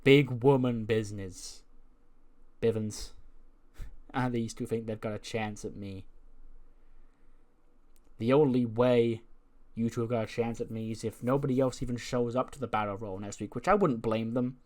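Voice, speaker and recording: A man's voice: mid-range voice, fairly even intonation, normal speed, darkish tone, natural voice. A man reading out a cocky woman wrestler's taunts. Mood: cocky taunting. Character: brash boastful woman wrestler trash-talking rivals.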